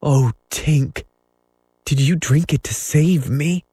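A man voicing a brave, boastful young boy hero in a raised, excited voice for a storybook reading. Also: on the high side, slow pace, slightly rough, pitched above the performer's own voice. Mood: dismayed.

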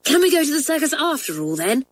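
A woman voicing an indignant, outspoken schoolgirl at a boarding school, high and excited in a storybook reading. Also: fast talker. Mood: eager.

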